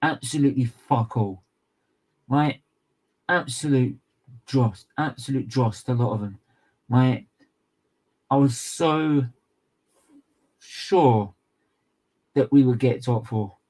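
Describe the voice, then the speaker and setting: A young man co-hosting a football fan channel rants furiously about a match, swearing heavily and hammering the same points over and over. His mid-range, somewhat mellow voice is slow and full of pauses, and the recording quality is low.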